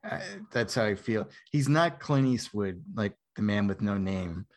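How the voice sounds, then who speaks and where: A man's voice: on the low side, lively intonation, measured pace. A man chatting casually as a podcast co-host, blunt and opinionated, often laughing mid-sentence. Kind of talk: casual film chat.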